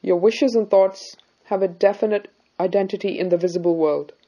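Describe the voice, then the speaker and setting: A woman voicing a serious, devout middle-aged husband who calmly consoles his wife about faith. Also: medium pitch, moderate pace, close to an everyday voice, rough recording. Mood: gently consoling. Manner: calm, consoling, preaching.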